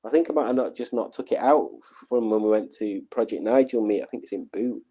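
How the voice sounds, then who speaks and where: Mellow-voiced man chatting casually. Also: lowish voice, quick pace. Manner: relaxed, rambling, self-deprecating. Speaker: livestream host. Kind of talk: casual chat reading out viewer comments.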